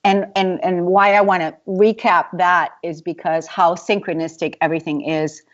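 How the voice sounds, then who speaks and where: A woman's voice: fairly low pitch, little pitch movement, moderate pace. A woman hosting a talk show interview who often repeats her words as she starts sentences. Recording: dull lo-fi recording.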